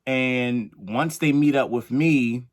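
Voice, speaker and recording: A man's voice: medium pitch, slow. A man co-hosting a storytime chat, playful and chatty, with teasing asides and laughter. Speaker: co-host.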